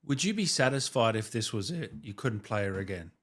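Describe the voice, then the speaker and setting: A man hosting a podcast interview, asking quick, eager questions and laughing along with his guest. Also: lowish voice, expressive. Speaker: podcast host. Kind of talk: casual interview.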